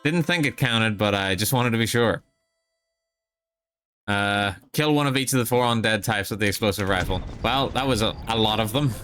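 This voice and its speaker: A man's voice: fairly low pitch, normal speed, fairly bright tone, soft background music. A man streaming a video game live, chatting casually, joking, swearing and making fun of himself. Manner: joking, swearing, self-mocking.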